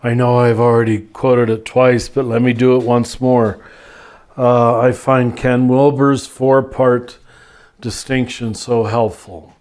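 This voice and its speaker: An older man, a spiritual teacher, answering listener questions in a gentle, unhurried and reflective podcast conversation. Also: medium pitch, flat delivery.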